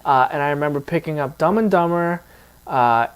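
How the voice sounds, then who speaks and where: A man's voice: on the high side, moderate pace, smooth. A man co-hosting a podcast, chatting casually and recounting film scenes step by step. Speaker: podcast co-host. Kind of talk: casual movie review chat.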